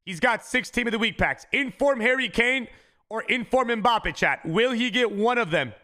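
Excitable young-sounding male gaming streamer. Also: extremely high pitch, normal speed. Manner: excitable, shouts at big pack pulls; talks to chat, says bro a lot. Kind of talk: casual live-stream commentary.

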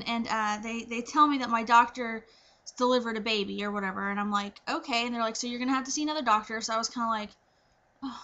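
A young pregnant woman chatting casually to her viewers, animated and full of fillers as she acts out her own reactions. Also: a little high, lo-fi sound. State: heavily pregnant. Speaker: pregnancy vlogger. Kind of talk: casual chat to camera.

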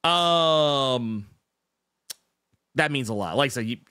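Man, livestream host, lively up-and-down pitch, rambling, dry close sound. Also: slow, clear, resonant tone, dry recording. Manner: rambling, self-interrupting, emotional. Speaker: podcast host reading live chat. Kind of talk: casual livestream chat.

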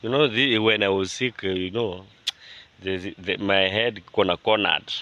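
A man vlogging outdoors on his rural land, talking to viewers in an animated, indignant way and often repeating himself. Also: sits low, measured pace, dull audio. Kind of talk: casual vlog talk to viewers.

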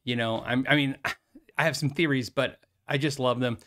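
Middle-aged male host, casual rambling monologue, laughs a lot, medium pitch. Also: fairly even intonation, normal speed, sharp tone. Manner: rambling, chatty, laughs often, many fillers and restarts. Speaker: YouTube host, former music store owner. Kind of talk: casual chat to camera.

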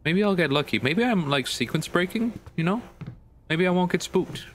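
Jumpy and on edge, this man swears constantly as he plays a horror game and narrates for his viewers as a gaming video creator. His voice sits high, is animated and fairly bright, and moves at a normal speed over slight background noise.

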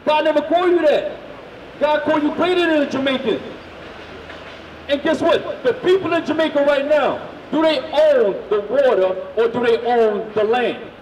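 A man street preaching, loudly firing questions at the crowd and drilling his points home. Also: very high voice, moderate pace, slight background noise. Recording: echoey, from far off.

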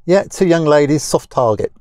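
A man's voice: a little high, expressive, normal speed, a little mellow, no echo, studio quality. A man, talking casually from inside a parked car, rambling and grumbling in a blunt, plain-spoken way. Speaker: vlogger. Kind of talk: casual talking-head rant.

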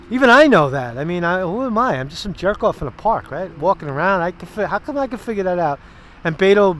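High-pitched male vlogger, walking-and-talking political rant outdoors, loose and profane. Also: fairly bright tone. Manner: rambling, profane, sarcastic asides. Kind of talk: casual political commentary.

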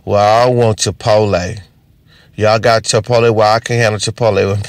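A man's voice: on the low side, steady tone, normal speed, no room sound, pitched below the performer's own voice, close to an everyday voice. A man doing a whiny, picky kid.

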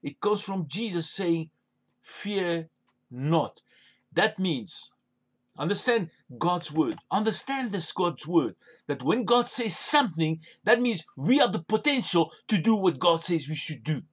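A man's voice: high-pitched, lively intonation, unhurried, husky. A man preaching a sermon as a pastor, urging listeners with emphatic, repeated commands. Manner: emphatic, repetitive exhortation.

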